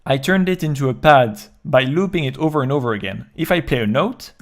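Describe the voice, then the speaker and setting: A man explaining step by step how he produced a track in his home studio, in a calm, even way. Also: medium pitch, a little fast. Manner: calm step-by-step walkthrough, counting beats aloud. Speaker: music producer. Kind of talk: explaining a music production process.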